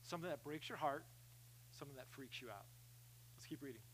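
A man preaching a sermon, animated, swinging from loud emphasis to quiet asides, often repeating phrases. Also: mid-range voice, a little fast, a little hiss or hum, low-quality recording. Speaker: pastor.

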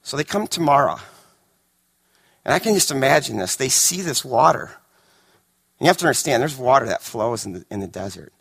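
A male pastor preaching a sermon, swinging dramatically between emphatic, raised lines and hushed, quiet ones. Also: medium pitch, expressive, brisk, creaky, long pauses, husky.

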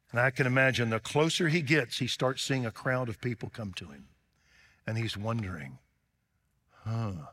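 A male preacher giving a sermon, animated, acting out both sides of a dialogue. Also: mid-range voice. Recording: long hall reverb.

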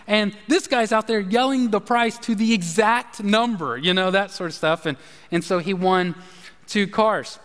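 A man's voice: high-pitched, fairly bright tone. A middle-aged man preaching a sermon. He talks conversationally and jokes with the congregation. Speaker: pastor. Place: church sanctuary. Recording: reverberant church sanctuary.

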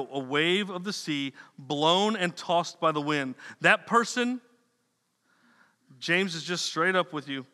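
A man's voice: fairly high pitch, sharp tone. A man preaching a sermon in a loose, conversational way, repeating words and dropping slangy asides. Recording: long reverb of a hall.

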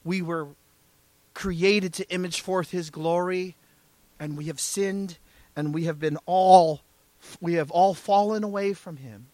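A man's voice: high voice, measured pace, warm tone, dry recording. A man preaching a sermon as pastor, emphatic, often asking the congregation "right?" and "amen?".

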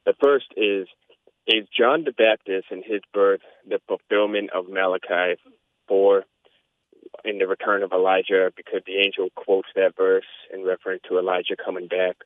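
A man's voice: low voice, level tone, moderate pace, no room sound. A man calling in to a radio show, earnestly asking a question about a Bible story. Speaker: caller. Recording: phone line.

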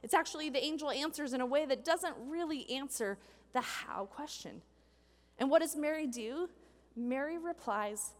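A woman giving a sermon as a pastor, animated, acting out the people in the story she tells. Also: high voice, moderate pace, in a large hall. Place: church hall with a congregation.

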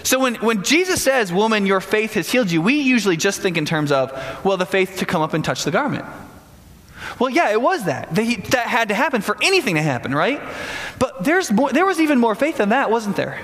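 Animated preacher man in a reverberant hall. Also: high voice, fairly quick. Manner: animated, conversational, frequent rhetorical "right?". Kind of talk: sermon.

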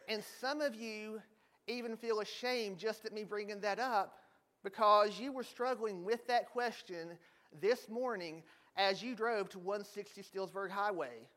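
High-voiced man preaching a sermon. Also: normal speed, fairly bright tone. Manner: storytelling, joking with the congregation. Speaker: pastor.

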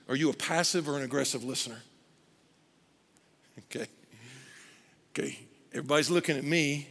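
A man preaching a sermon as pastor, animated, often shouting and acting out voices. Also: a little high, gravelly, long reverb tail.

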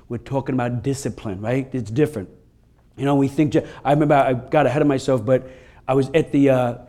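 A man preaching a sermon as pastor, telling stories in a lively, conversational way from a church stage. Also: medium pitch. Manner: storytelling, animated and laughing during funny stories. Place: church sanctuary.

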